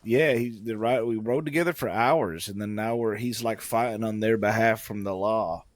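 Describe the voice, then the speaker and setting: Low-voiced man in rambling roleplay chat. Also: normal speed. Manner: rambling, filler-heavy storytelling. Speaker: streamer roleplaying an outlaw. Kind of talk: casual in-character chat.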